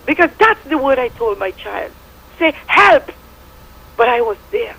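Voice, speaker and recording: A middle-aged woman with a Statian Caribbean English accent calls in to a radio show, giving fervent, preachy testimony full of biblical references. Her voice sits on the high side and is expressive, brisk, gravelly, a bit bright and slightly rough. The audio quality is poor.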